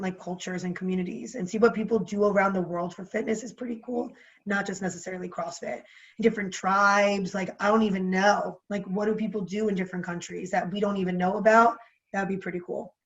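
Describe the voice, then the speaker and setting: A young woman with a New Jersey accent, chatting as a podcast guest in a bubbly, animated way. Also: mid-range voice, lo-fi sound. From New Jersey, USA. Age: young adult. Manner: bubbly, animated, quick to laugh. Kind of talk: casual interview chat.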